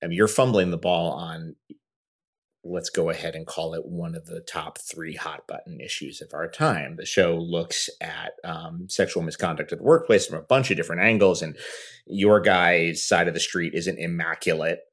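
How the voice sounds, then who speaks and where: A man hosting an interview, asking measured, wry questions. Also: low-pitched, fairly even intonation, fairly bright tone, husky.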